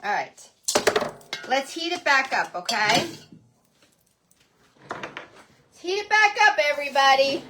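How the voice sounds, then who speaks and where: A woman hosting a live craft demo, chatting loudly and greeting viewers by name as she works. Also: high voice, big pitch swings, slow, pauses often. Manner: says she is talking very loudly. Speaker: craft livestream host. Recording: noisy room with heat gun running. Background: heat gun whirring.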